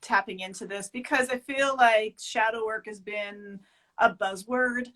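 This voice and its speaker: A woman's voice: on the high side, a little slow. A woman being interviewed as an author, talking casually with frequent laughs and restarts. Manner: animated, laughs often, many restarts. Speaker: author and guest.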